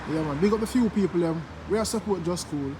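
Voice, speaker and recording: A man's voice: high voice, fast talker. A Jamaican man hosting his own vlog in casual promotional chat, laid-back and easygoing, often dropping "yeah, man" and "you see me". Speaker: vlogger host. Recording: loud vehicle noise behind.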